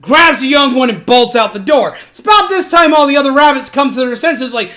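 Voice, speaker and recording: A woman streamer casually retelling an anime plot, animated and full of profanity. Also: high voice, brisk, few pauses.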